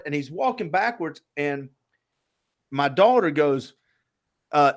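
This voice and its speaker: A man's voice: a little high, expressive, measured pace, no room sound, clean studio sound. A middle-aged man hosting a podcast interview, telling stories in a chatty way with many fillers. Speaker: podcast host. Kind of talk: casual interview chat.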